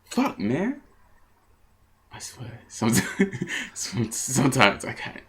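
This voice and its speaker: A man's voice: medium pitch, wildly swooping pitch, slow pace, a little hiss or hum. A man co-hosting a comedy vlog, telling stories in a rambling, profane, giggly way. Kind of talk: casual storytelling.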